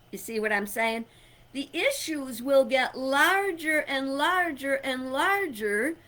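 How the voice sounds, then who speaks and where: A woman's voice: high voice, pushed and bright. A middle-aged woman giving an inspirational talk, emphatic and conversational, telling personal stories and chuckling. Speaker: spiritual speaker.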